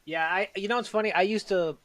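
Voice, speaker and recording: A man's voice: high voice, fairly even intonation, fast, fairly bright tone. A man as a guest on a podcast, chatting casually in an easygoing way with frequent "you know". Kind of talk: casual conversation.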